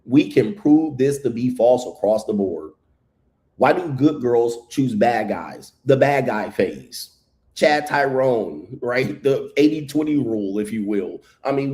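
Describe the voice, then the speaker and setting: A man's voice: medium pitch, expressive, a little slow, a little mellow. A man reacting to a video clip with blunt, mocking commentary, swearing freely as he talks. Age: adult past his first marriage.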